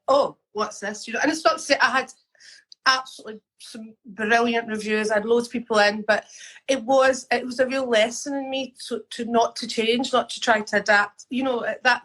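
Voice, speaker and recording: A woman's voice: fairly high pitch, fairly bright tone, poor audio. Middle-aged Scottish woman, frank and talkative, interview guest, loose restarts. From Scotland. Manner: frank, chatty, with many restarts. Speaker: guest artist and curator. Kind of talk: conversational interview.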